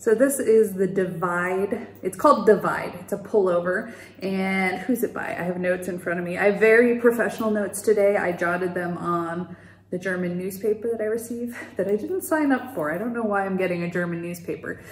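A woman's voice: mid-range voice, moderate pace. Chatty woman in an echoey room. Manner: chatty, rambling, with fillers and laughs. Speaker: knitting podcast host. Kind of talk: casual knitting video chat. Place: home.

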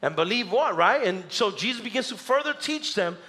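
Lively preacher guy in church, high bright voice, acts out the crowd then goes low and quiet on verses. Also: moderate pace. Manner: animated preaching, voices the crowd, drops low and soft for scripture. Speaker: pastor. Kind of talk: sermon. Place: church sanctuary.

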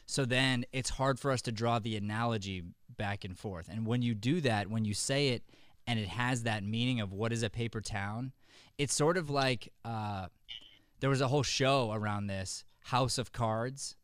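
A man coaching actors, smooth dry voice. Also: medium pitch, moderate pace, a bit bright, dry recording. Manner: friendly, coaching, with many restarts. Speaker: acting teacher. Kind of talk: giving feedback on a video call. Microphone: video call.

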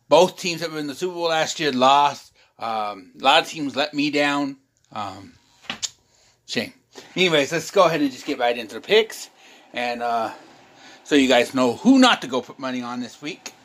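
A man's voice: mid-range voice, fairly bright tone. A man hosting his own channel, casually running through his football picks in a loose, rambling, self-deprecating way, talking to a camera at home. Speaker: sports channel host. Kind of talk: casual sports picks vlog.

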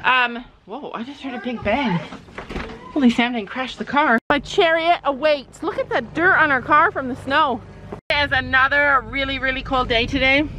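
A woman with a slightly high voice talks casually to her handheld camera while out on a cold horse farm. She laughs easily and coos over her animals. Faint background noise sits under her voice. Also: moderate pace, sharp tone, poor audio. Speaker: vlog host. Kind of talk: casual vlog chat.

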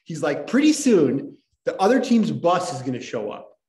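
A man's voice: a little high, very animated, normal speed, darkish tone, echoey room, voice pushed up. A man voicing a fake, fired-up cheesy male sports coach giving a mock-intense pep talk.

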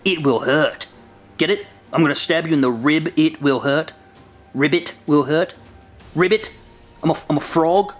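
A man's voice: a little high, normal speed, pauses often, faint music behind, close to an everyday voice. A man voicing a sly male frog who jokes in a mock-friendly way while plotting murder. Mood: gloating. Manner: mock-friendly, gloating, joking.

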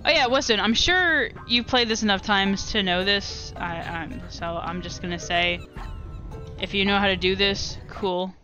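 A woman chatting casually while streaming a game live, rambling and excitable as she talks to viewers. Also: medium pitch, measured pace, lo-fi sound, faint music behind. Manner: rambling and excitable, restarts and laughs often. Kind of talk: casual live gameplay commentary.

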